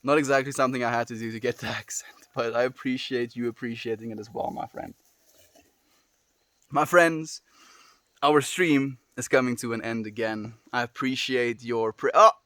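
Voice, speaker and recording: Man, South African accent, livestream chat, gentle and affirming, soft trailing phrases, mid-pitched voice. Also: steady tone, moderate pace, no echo. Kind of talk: casual livestream chat with viewers.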